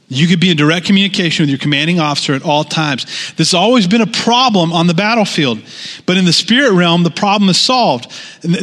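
Guy pastor preaching, kinda high voice, talky, lots of repeats, big echoey church sound. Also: a bit bright. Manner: conversational preaching with rising intensity and repeated phrases. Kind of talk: sermon.

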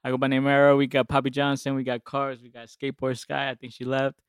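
A man's voice: mid-range voice, completely flat delivery, quick pace, smooth, no room sound, clean studio sound. A man hosting a casual podcast, joking and laughing often with his friends. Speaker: podcast host.

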